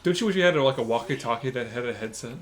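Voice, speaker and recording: A man co-hosting a casual movie-watching chat, with enthusiastic, quick banter. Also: medium pitch, animated. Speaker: co-host.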